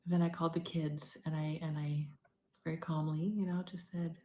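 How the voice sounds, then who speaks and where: A middle-aged woman talking candidly in a personal video diary, rambling and moving between loud bursts and near-whispers. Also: low voice, level tone, a little fast. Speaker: vlogger.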